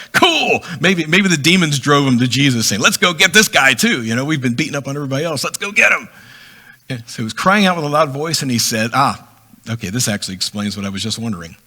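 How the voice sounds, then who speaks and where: A man's voice: mid-range voice, pushed and bright, slightly rough. A middle-aged man teaching from the Bible in a casual, conversational way, reading verses and then explaining them with asides. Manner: reads scripture then explains it in a chatty way, acting out voices with laughs. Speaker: preacher.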